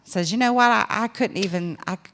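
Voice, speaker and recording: A woman preaching a sermon in a lively, conversational way, acting out little dialogues as she goes. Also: mid-range voice, quick pace, long reverb tail.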